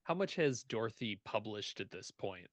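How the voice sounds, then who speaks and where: A man running a tabletop game as game master, relaxed and joking, laughing often. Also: on the low side, normal speed, no room sound.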